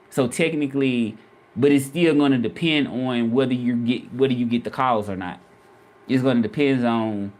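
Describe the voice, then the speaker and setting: A man from Memphis with a Southern accent, chatting casually on a livestream and repeating his questions to viewers. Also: mid-range voice. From Memphis, Tennessee. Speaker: vlogger and freelance Spanish interpreter.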